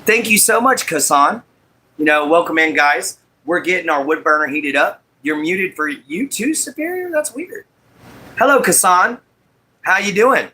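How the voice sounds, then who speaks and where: A livestream host with a drawl keeps things relaxed, greeting viewers individually by name as he chats casually while crafting. His somewhat high voice is bright and forward, and he speaks easily at a moderate pace. Whenever his audio drops, he's quick to apologize.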